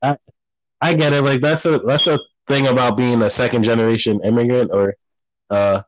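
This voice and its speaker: A man's voice: mid-range voice, moderate pace, poor audio. Laughing, profane man chatting casually. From United States. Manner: animated, profane, laughs often. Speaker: podcast host. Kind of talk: casual chat.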